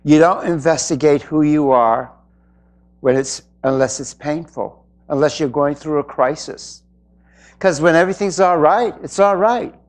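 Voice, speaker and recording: A man giving an inspirational spiritual talk to an audience, earnest and reflective, with pauses. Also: fairly high pitch. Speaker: spiritual speaker.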